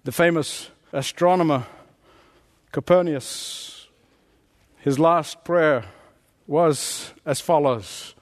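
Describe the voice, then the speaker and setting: A man's voice: a little high, slow pace, pauses often. A man preaching a sermon as a pastor, emphatic and driving his points home with rhetorical repetition. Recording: long hall reverb.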